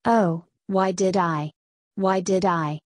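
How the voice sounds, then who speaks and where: A woman reading the part of a distraught young woman who talks in a tearful, halting way. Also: on the low side, darkish tone, slightly rough, no room sound, studio quality. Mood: ashamed.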